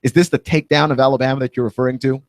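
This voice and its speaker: A man in a radio studio delivers a heated, opinionated monologue at a mid-range pitch. He presses his points with indignant emphasis, and the recording is close and dry with no room sound. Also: little pitch movement, rapid-fire, dry recording. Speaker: radio talk show host.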